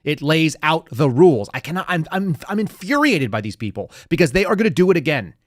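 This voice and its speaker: A man's voice: fairly high pitch, sing-song, fairly quick, dry recording. Angry male podcast host, swears, sarcastic, dry close sound. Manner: fired up, profane, sarcastic. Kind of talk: heated political commentary.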